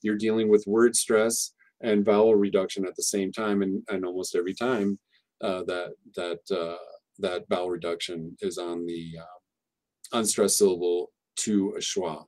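His voice sits low, with a level, darkish tone and an unhurried delivery. As an English teacher guest on a podcast, he chats casually about teaching pronunciation, rambling, restarting often, and filling gaps while he explains.

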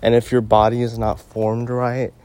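A man's voice: medium pitch, completely flat delivery, moderate pace, darkish tone. A teenage boy rambling and ranting into his phone while walking his dog outdoors, full of "like" and "um.". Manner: ranting, filler-heavy with frequent "like" and "um". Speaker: podcast host. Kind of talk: casual rambling monologue.

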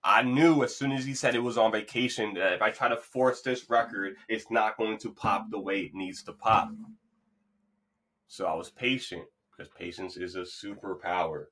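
A man's voice: lowish voice, moderate pace, fairly bright tone. A man hosting his own podcast, talking in a loose, rambling, motivational way. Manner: playful, hypes up an imagined crowd. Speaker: podcast host. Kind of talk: casual solo monologue.

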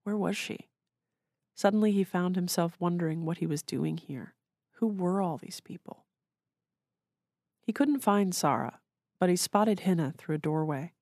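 A woman author reads her own short story in a measured, literary manner. Her low voice is a little mellow, and the recording is dry and close with no room sound.

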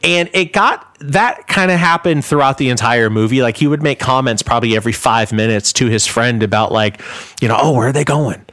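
A man's voice: mid-range voice, a little fast, pushed and bright, no room sound. A man, a guest musician, telling a long anecdote in casual chat, rambling and filling gaps with "like". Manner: rambling, many filler "like"s. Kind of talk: casual storytelling.

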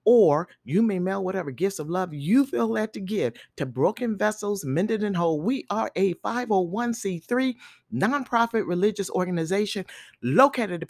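A woman evangelist delivering a measured, emphatic sermon and closing her podcast episode as host. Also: medium pitch, animated, darkish tone, no echo, studio quality. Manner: measured, emphatic preaching that stresses key words. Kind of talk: recorded sermon with podcast sign-off.

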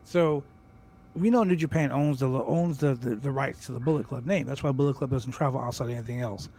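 A man co-hosting a wrestling podcast in casual chat, talking in an excited, rambling way with repeated words and swearing. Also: mid-range voice, fairly quick, slightly rough. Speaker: podcast co-host.

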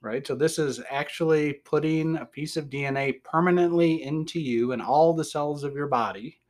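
A man's voice: fairly high pitch, moderate pace, a little mellow. A man hosting a podcast, talking in a rambling, folksy way with a Southern US accent and frequent chuckles. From American Midwest. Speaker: podcast host. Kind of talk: casual podcast chat.

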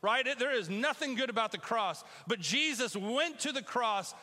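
A man preaching a casual, conversational sermon in a church, animated and bursting into loud calls to the congregation. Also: very high voice, normal speed, long reverb tail. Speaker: pastor. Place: church sanctuary.

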